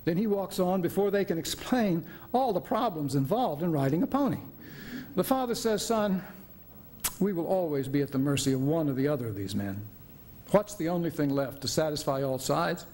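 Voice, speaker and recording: Brief: older man reading a sardonic writer-patient, wry, biting storyteller, voice sits a touch high. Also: lively intonation, normal speed, darkish tone, a little hiss or hum, close to an everyday voice. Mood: storytelling. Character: sardonic middle-aged male writer, hospital patient. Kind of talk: dramatic reading of a play.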